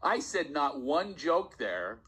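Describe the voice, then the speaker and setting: A man with a husky voice tells stories as a comedian guest on a podcast. His manner is animated, and he often chuckles as he speaks. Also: a little high, takes it slowly, low-quality recording. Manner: animated storyteller, laughs while talking. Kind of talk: casual podcast storytelling.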